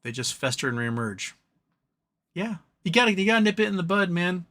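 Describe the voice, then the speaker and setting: Very animated and brisk, a man with a high-pitched, pushed, bright voice hosts a livestream. He reads chat aloud and goes on rambling, profanity-filled rants.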